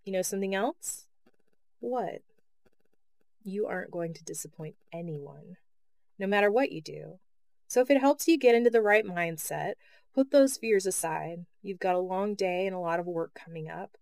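Woman voicing a calm, motherly counselor. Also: fairly low pitch, normal speed, creaky, no echo. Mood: reassuring. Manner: gentle, reassuring.

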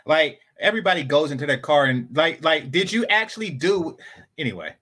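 Sarcastic high bright-voiced man commentator. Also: animated, brisk. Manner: sarcastic, talks back to clips. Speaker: commentary streamer. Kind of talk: casual reaction commentary.

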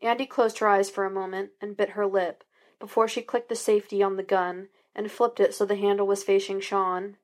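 A woman's voice: medium pitch, little pitch movement, fairly quick. Woman reading a fan-fiction audiobook. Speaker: podfic reader. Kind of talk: audiobook narration.

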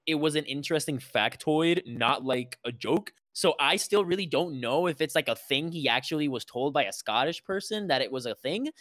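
A man's voice: on the high side, animated, moderate pace, hardly any pauses, a bit bright, no echo. Man, podcast co-host, rambling storyteller, dry sound. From Puerto Rico. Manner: rambling, many fillers and restarts. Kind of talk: casual chat, storytelling.

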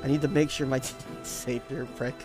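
A man voicing a brash red-haired woman who talks with a rough pirate-like lilt in a tabletop game. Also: very deep voice, steady tone, brisk, music in the background. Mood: curt.

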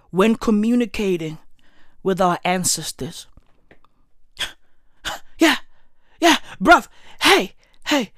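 A woman delivering a loud, profane comedic rant that keeps breaking into shouts. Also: medium pitch, no room sound, clean studio sound. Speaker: vlogger.

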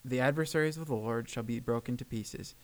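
A man's voice: medium pitch, brisk, low-quality recording. A man co-hosting a podcast, reading a Bible passage aloud and then reflecting on it in an earnest way, with a few stumbles and fillers. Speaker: podcast co-host.

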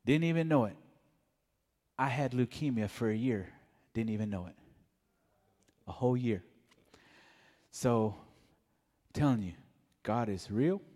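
A man giving a mellow, soft-spoken personal testimony at church. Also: mid-range voice, a little slow, pauses often, big-room sound. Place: church sanctuary.

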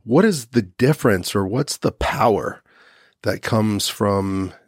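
A man's voice: fairly low pitch, expressive, takes it slowly, breathy edge, no echo, clean studio sound. A man hosting an interview, asking thoughtful questions and rephrasing as he goes. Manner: thoughtful, searching, rephrases as he asks. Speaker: podcast host.

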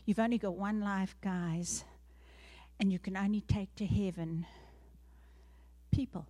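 A woman's voice: mid-range voice, steady tone, unhurried, warm tone. A middle-aged woman with a South African accent, a missionary speaking earnestly to a church congregation, often laughing lightly. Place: church sanctuary.

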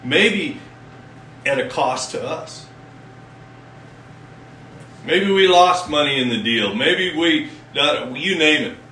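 A man preaching a sermon as pastor, folksy and conversational, reading scripture slowly and with emphasis. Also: fairly high pitch, animated, sharp tone, slight background noise. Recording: echoey room from a distance.

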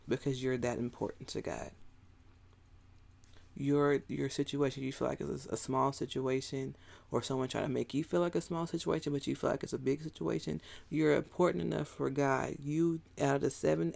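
A man's voice: mid-range voice, gravelly, darkish tone. A man preaching a sermon in a casual, conversational way, talking straight to his listeners.

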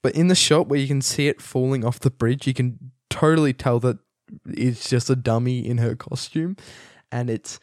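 A young man rambles through a casual film review, amused and loose, with plenty of fillers and false starts. His voice sits at an ordinary middle pitch. The sound is close and dry, with no room around it. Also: fairly even intonation, moderate pace, darkish tone, dry recording. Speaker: movie reviewer.

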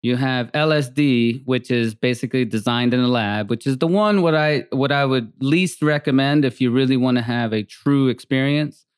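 Male podcast co-host, smooth clear voice, rambling, chatty. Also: mid-range voice, moderate pace, few pauses, no room sound, clean studio sound. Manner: rambling, animated storytelling with many fillers. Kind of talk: casual chat.

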